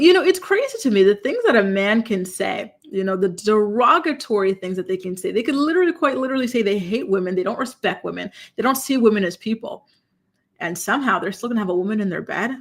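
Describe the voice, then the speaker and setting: A woman hosting a live commentary stream, talking in an animated, incredulous, exclamatory way and reacting to her chat. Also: mid-range voice. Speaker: commentary show host.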